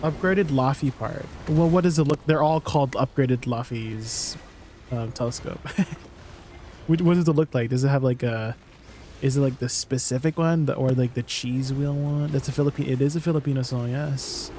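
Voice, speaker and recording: Chatty Canadian man streaming, mellow voice. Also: medium pitch, normal speed, a little hiss or hum. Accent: Canadian English. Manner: chatty and playful, laughs often, asks viewers questions. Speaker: live streamer. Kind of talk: casual live-stream chat with viewers while gaming.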